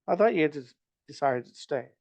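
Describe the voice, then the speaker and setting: A man voicing a proud, sharp-tongued young princess who answers coldly and angers fast, in a storybook reading. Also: deep voice, lively intonation, gravelly, full character voice. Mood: indignant. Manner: cold, clipped, quickly angered.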